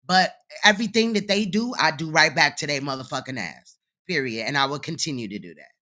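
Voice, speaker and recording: A man's voice: a little high, animated, a little fast, bright, forceful tone. A man hosting a reaction commentary, talking bluntly and profanely and mocking the clip he plays. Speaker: commentary host.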